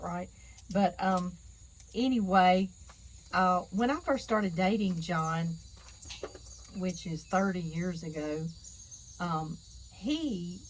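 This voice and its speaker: A woman's voice: fairly low pitch, slight background noise, poor audio. A middle-aged woman with a Southern drawl, chatting casually to her viewers as a cooking channel host, folksy and talkative, calling them y'all. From Louisiana. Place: outdoor canning kitchen porch.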